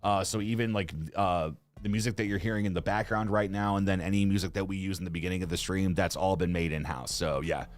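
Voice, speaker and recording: A man's voice: low voice, steady tone, fast, few pauses. A man co-hosting a casual live stream, rambling with lots of fillers and frequent laughs. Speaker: co-host of a music reaction channel. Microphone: studio microphone.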